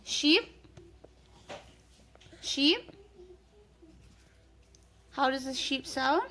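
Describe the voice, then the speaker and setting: A young woman from northeast India playfully coaxing a toddler with loud, repeated questions in a home video. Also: high-pitched, animated, drawn-out words. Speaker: older sister filming a toddler.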